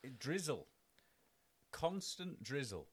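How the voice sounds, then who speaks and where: A man's voice: mid-range voice, big pitch swings, slow, breathy edge. A man, co-hosting a podcast in casual chat, blunt and teasing, swearing freely. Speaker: podcast co-host.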